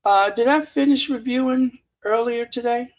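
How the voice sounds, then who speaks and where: A woman hosting a commentary channel, talking casually and sarcastically over clips, with fillers and pauses. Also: fairly high pitch, darkish tone. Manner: sarcastic, mocking, unhurried with fillers. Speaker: royal commentary channel host.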